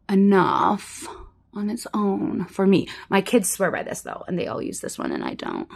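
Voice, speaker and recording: A woman in her fifties talks to camera from her home desk in a plain, mid-pitched voice. Her chat is frank and self-deprecating, and she sometimes drops into quiet muttered asides. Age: 50s. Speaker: vlogger doing a makeup routine.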